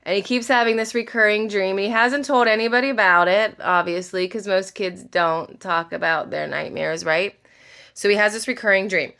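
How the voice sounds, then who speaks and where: A woman vlogger chats through a novel's story as she does her makeup. She talks quickly and loosely, packing her sentences with fillers and asides to the viewer. Her voice sits at an ordinary middle pitch. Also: vocal fry, bright, forceful tone, smooth. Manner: chatty, fast, full of fillers like "like" and "you know". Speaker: book vlogger. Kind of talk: casual book retelling while doing makeup.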